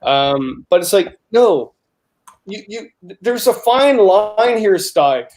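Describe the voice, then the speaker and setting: A man's voice: sits high, lively intonation, slow, a little mellow. A man talking as a guest, speaking hesitantly and restarting his sentences often. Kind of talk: casual debate, guest.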